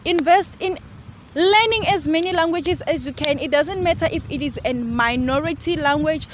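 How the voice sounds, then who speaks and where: High-voiced woman giving earnest advice outdoors. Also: moderate pace. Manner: earnest, advice-giving, self-deprecating jokes. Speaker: co-host. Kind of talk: casual outdoor discussion. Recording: outdoor street noise, passing vehicles.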